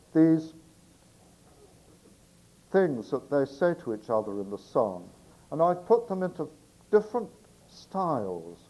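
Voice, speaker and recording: British poet chatting between poems. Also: male voice, a little high, darkish tone, rough recording. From Britain. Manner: chatty, digressive, with fillers. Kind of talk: poetry reading with spoken introductions.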